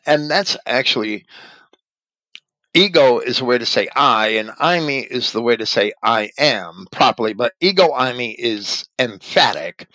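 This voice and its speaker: A man's voice: mid-range voice, sharp tone, no echo, rough recording. A man reading an article aloud and commenting on it as a religious teacher, spelling out names letter by letter.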